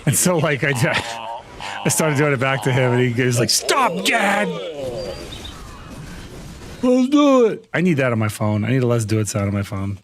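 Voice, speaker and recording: A man's voice: medium pitch, quick pace. A man in his thirties streaming a game live, ranting in playfully dramatic exasperation. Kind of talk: live gaming stream chat. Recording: loud music over the voice. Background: loud music playing.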